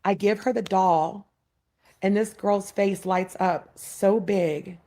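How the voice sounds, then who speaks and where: A woman's voice: medium pitch, fairly even intonation, slow pace, dark tone. A woman in her thirties, a podcast guest, telling a heartfelt personal story with many fillers and restarts.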